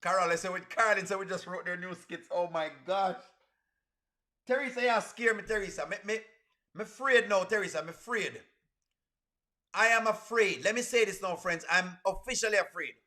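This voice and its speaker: A man addresses his stream chat while watching a video, his voice high, bright and punchy at a moderate pace. Full of energy, he repeats his exclamations again and again.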